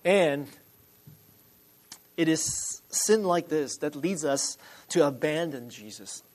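A male pastor preaching a sermon in a somewhat high voice. He speaks emphatically and deliberately, and he repeats phrases for weight. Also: darkish tone, poor audio.

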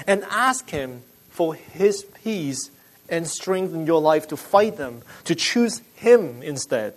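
A male pastor preaching a sermon, explaining scripture conversationally with restarts, swelling into urgent emphasis and then dropping to quiet asides. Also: a little high, lively intonation, slow, rough recording.

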